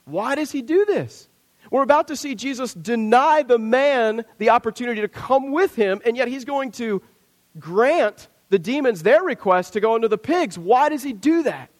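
High-voiced man preaching a sermon. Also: expressive, moderate pace. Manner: emphatic preaching with rhetorical questions and acted-out quotes. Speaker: pastor.

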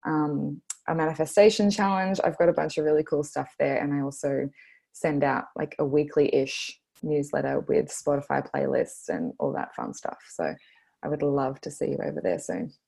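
Aussie woman mid twenties, low voice with a bit of fry, earnest podcast guest, laughs a lot. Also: mellow. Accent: Australian. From Australia. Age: 20s. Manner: earnest, laughs often, speaks slowly when stressing a point. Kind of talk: casual podcast interview.

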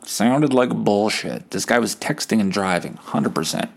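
Man, young adult, from Canada, solo podcast host, profane, sarcastic, rambling, slightly low voice. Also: animated, moderate pace, creaky. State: hungover. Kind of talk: casual solo rant.

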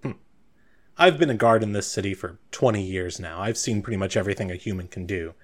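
A man voicing a gruff veteran guard captain who asks blunt, accusing questions. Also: sits low, brisk. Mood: suspicious.

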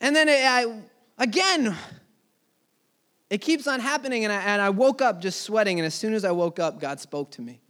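A young man preaching a sermon, telling a personal story earnestly, his voice dropping low and soft then rising loud. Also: lively intonation, moderate pace.

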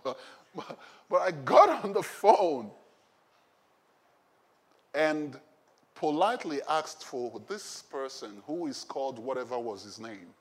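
A male pastor with a medium-pitched voice preaches a sermon conversationally, often putting questions to the congregation.

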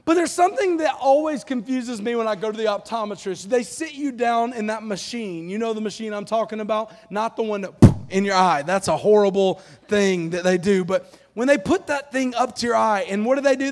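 A man preaching a live sermon to a congregation, lively and joking in a casual, down-to-earth way. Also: sits high. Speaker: pastor. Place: church auditorium. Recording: long reverb of a large hall.

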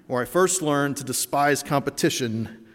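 A man's voice: mid-range voice, moderate pace. Winded man preaching in a reverberant church. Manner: wry, self-deprecating storytelling. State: a little out of breath. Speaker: pastor. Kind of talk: sermon. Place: church sanctuary.

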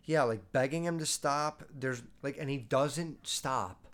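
A man's voice: medium pitch, unhurried, fairly bright tone. A young man hosting, rambling casually and swearing a lot as he reacts to clips. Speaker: host. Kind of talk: casual commentary.

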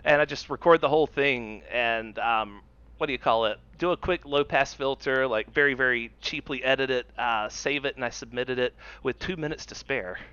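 A man's voice: mid-range voice, normal speed, sharp tone, clean tone, dry recording. A man co-hosting a podcast, telling rambling stories with frequent stammers. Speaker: podcast co-host. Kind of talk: casual chat. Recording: dull, dry lo-fi mic.

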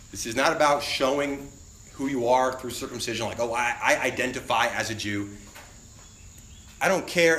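Animated male pastor preaching in a roomy church. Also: mid-range voice, a little hiss or hum. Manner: animated, acts out quoted voices. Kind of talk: sermon. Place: church sanctuary.

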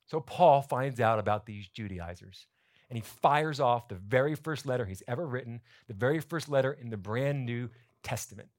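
A man preaching a sermon to his church congregation, explaining scripture in a lively, conversational teaching manner. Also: medium pitch, moderate pace. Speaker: pastor. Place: church sanctuary.

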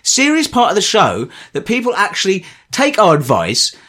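A man co-hosting a podcast, talking in a wry, exasperated, deadpan way. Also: high voice, moderate pace. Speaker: podcast co-host. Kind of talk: casual comedy chat.

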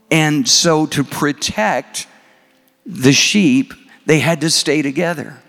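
A man preaching a sermon, asking his congregation questions and reciting scripture slowly. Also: medium pitch, vocal fry, a bit bright. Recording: long hall reverb.

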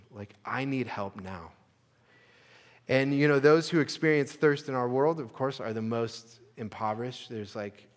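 A male pastor from the United States delivers a sermon with earnest conviction, rising to emphatic peaks before falling back to hushed, quiet phrases. His voice sits at an ordinary middle pitch. The sound carries the long reverb of a church sanctuary. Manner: earnest preaching, building to emphatic peaks and dropping soft.

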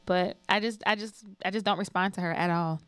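A young woman chatting casually on a podcast, telling stories slowly with a relaxed, rambling manner. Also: mid-range voice, smooth, no room sound. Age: young adult. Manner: slow, laid-back storytelling with frequent "like". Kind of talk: casual chat.

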